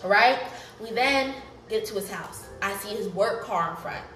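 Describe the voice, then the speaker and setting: A young woman telling a story in a lively, profane way, often breaking into laughter. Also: medium pitch, measured pace. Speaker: vlogger. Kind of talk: storytime vlog. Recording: roomy, off-mic, faint music behind.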